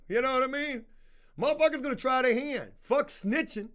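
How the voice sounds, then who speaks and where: A man's voice: extremely high pitch, lively intonation, moderate pace, a bit bright. A man streaming casual commentary, reading chat aloud, rambling and swearing freely. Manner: rambling, swears a lot, slips into put-on voices.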